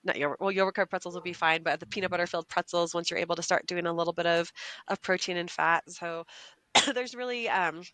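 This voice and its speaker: A woman speaking as a guest nutrition coach on a podcast, in a quick, chatty way, peppering her talk with "like" and "right?". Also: on the low side, fairly bright tone, no room sound. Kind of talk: casual podcast chat.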